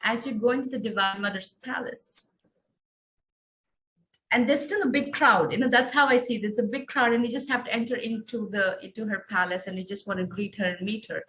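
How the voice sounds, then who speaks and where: A middle-aged woman from India, a podcast guest, telling a visualization story in an earnest, soft-spoken way, often saying "you know". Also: medium pitch, a little fast, rough recording.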